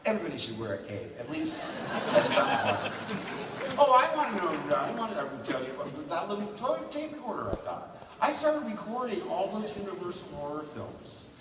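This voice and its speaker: A man in his sixties, with a high voice, tells stories as a guest on a fan convention panel, animated and slipping into quick character voices. He's recorded from a distance in a large, roomy convention hall with heavy background noise.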